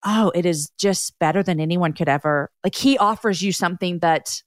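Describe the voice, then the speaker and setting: A woman hosting a podcast interview, talking in a relaxed conversational way and repeating words for emphasis. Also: lowish voice, moderate pace, no echo, studio quality. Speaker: podcast host. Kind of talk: casual interview chat.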